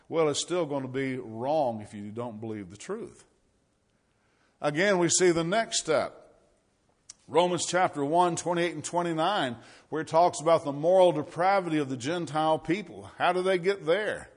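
A man preaching a sermon, reading scripture loudly and dropping low for asides and rhetorical questions. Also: animated, moderate pace.

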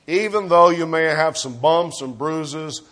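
Man preaching a sermon, fairly high voice, earnest, trails off soft, clears throat often. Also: measured pace. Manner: earnest preaching, dropping low and soft at phrase ends.

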